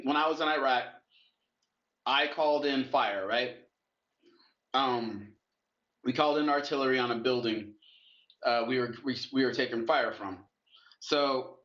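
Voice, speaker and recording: A man chatting loosely and profanely, with a middle-pitched voice. He slows and stumbles over heavy subjects. The recording is lo-fi and echoey, as if from a bare room. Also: a bit bright. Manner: loose, profane, talks while eating and moving around; slow and halting on heavy topics. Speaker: guest in a conversation. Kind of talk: casual chat. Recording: dull lo-fi, roomy echo.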